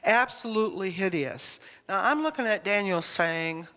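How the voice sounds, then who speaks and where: A woman's voice: medium pitch, expressive, normal speed, a bit bright. A woman giving a conversational sermon, emphatic and rambling, often putting questions to the congregation. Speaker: church speaker. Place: church hall. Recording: long reverb of a church hall.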